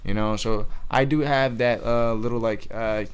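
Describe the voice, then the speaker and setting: A man's voice: mid-range voice, fairly even intonation, moderate pace, smooth. A man chatting casually as a podcast guest, rambling with lots of stammered restarts and swearing. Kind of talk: casual chat.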